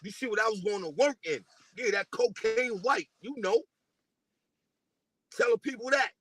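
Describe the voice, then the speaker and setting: A man's voice: sits high, normal speed, a bit bright, slightly rough, no echo. A man from New delivering a casual, profane diss rant at a rival, taunting and repeating himself.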